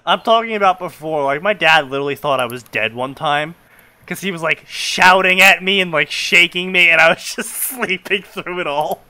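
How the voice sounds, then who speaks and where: A man's voice: a little high, normal speed, sharp tone, clean tone. A young man casually reading fanfiction aloud and commenting, rambling, laughing and swearing.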